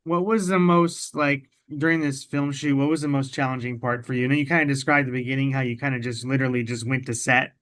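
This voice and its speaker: A man's voice: medium pitch, fairly even intonation, fast talker, hardly any pauses, a bit bright. A man hosting an interview, asking loose, rambling questions in a friendly way. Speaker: interview host. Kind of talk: casual interview.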